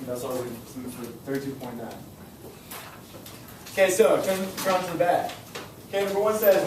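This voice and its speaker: Young male teacher, energetic classroom lesson, recorded far off in a noisy, roomy classroom. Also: on the high side, brisk. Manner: energetic, repeats questions to students. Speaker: high school science teacher.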